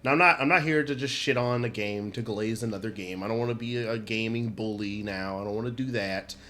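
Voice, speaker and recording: A man's voice: fairly low pitch, a little fast, pushed and bright, a little hiss or hum. A man hosting a comedic video game rant, rambling, profane and mock-outraged, with stammering restarts and goofy exaggeration. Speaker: channel host.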